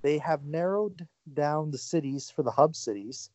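A man hosting a podcast in casual sports chat, halting with many fillers and restarts. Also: on the high side, animated, a little mellow. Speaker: podcast host.

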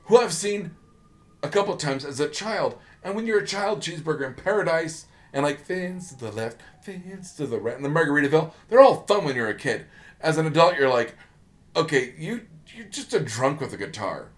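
His voice is a little high with big swings in pitch, moving at a moderate pace. He's a podcast co-host working himself up into a sarcastic, profane, casual comedic rant.

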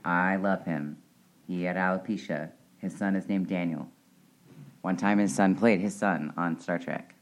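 Very low-voiced woman co-hosting a podcast. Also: fairly even intonation, measured pace. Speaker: podcast co-host. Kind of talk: casual chat.

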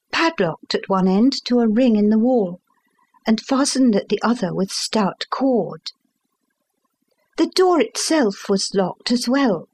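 A woman giving a measured, expressive first-person narration of a classic story as an audiobook reader. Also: a little high.

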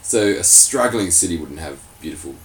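A man in a casual comedic chat, explaining history in an animated, laughing way. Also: deep voice, normal speed, slight background noise, rough recording. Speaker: resident historian.

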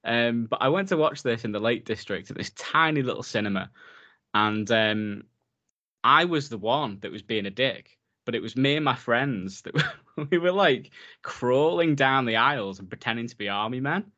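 A man's voice: mid-range voice, expressive, normal speed, pushed and bright, dull audio. A man in his thirties co-hosting a casual film podcast, enthusiastic and rambling with lots of fillers. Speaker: podcast co-host.

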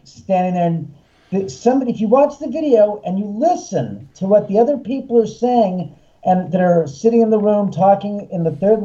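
A man's voice: high-pitched, dark tone. Heated, emphatic man on a muffled line. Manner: emphatic, heated retelling with acted-out quotes and cursing. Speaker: guest, haunted house owner. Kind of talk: animated storytelling on a phone-in show.

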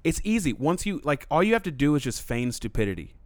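Animated man telling stories, dry close mic. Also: fairly high pitch, fast talker, no echo. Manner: animated storyteller, swearing, frequent fillers. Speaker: podcast co-host. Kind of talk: casual storytelling chat.

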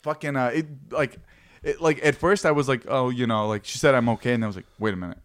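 A man's voice: mid-range voice, steady tone, fast. A young man co-hosting a podcast, telling rambling stories full of swearing. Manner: rambling storytelling, heavy swearing. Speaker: podcast co-host. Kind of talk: casual profane chat.

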